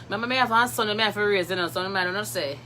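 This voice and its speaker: A woman with a Jamaican accent hosting a live stream, chatting with viewers in a lively, laughing way and slipping into patois. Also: medium pitch, quick pace, a little hiss or hum. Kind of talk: casual live chat with viewers.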